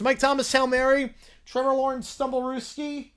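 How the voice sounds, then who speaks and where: A man's voice: very high voice, fairly even intonation, moderate pace, fairly bright tone, clear, resonant tone. A man hosting a livestream, reacting aloud in casual chat and thanking viewers. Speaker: livestream host.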